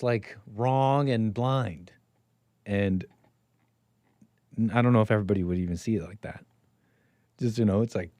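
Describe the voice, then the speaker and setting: Male call-in host, mid pitch, rambling teasing delivery, dry room. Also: no room sound. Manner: rambling, teasing, swings between loud bursts and mumbles. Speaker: host of a call-in livestream show. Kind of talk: casual solo livestream talk to chat.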